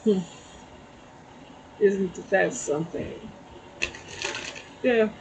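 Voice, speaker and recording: A woman's voice: mid-range voice, drawn-out words, darkish tone, dull audio, slight background noise. A middle-aged woman giving a casual spiritual tarot reading, telling a story and checking in with "okay?". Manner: chatty, storytelling, frequent "okay?" asides. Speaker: tarot reader.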